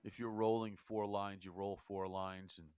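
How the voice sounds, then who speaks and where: A man co-hosting a hockey talk show, measured and dry, counting points out carefully. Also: fairly low pitch, level tone, darkish tone, clear, resonant tone, no room sound. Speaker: hockey analyst, co-host. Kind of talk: casual hockey chat.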